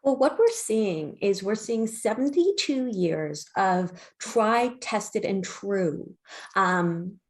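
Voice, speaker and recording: Middle-aged woman, skincare show host, enthusiastic pitch. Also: lively intonation, slow. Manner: enthusiastic, sales-pitch delivery. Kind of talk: live shopping broadcast.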